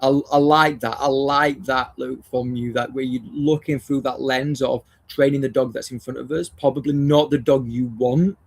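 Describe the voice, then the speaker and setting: A man with a gravelly, husky voice talks shop as a dog trainer in a laid-back live session. His speech is blunt and sweary, full of restarts and repeated phrases, at a middling pitch. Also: steady tone, moderate pace, few pauses. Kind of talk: casual live discussion.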